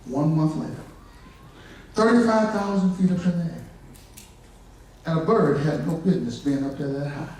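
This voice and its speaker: High-voiced preacher shouting in an echoey church. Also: male voice, moderate pace, long pauses, slight background noise. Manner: builds from low storytelling to shouted climaxes; folksy, humorous asides to the congregation. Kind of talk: revival sermon storytelling. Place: church sanctuary. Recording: echoey church hall from far off, congregation. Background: congregation responding.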